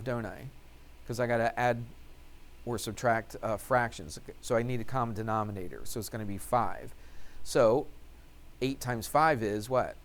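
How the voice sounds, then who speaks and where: A man teaching algebra in a classroom-lecture voice, pitched in the middle for a man. He keeps asking "what?" and then answers his own questions. He talks while writing out the steps. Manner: asks questions and answers them himself. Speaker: math teacher.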